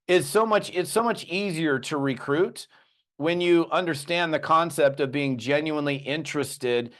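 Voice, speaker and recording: A middle-aged man giving an animated sales training, telling stories and acting out quick bits of dialogue. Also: a little high. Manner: lively storytelling with acted-out dialogue. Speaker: network marketing trainer.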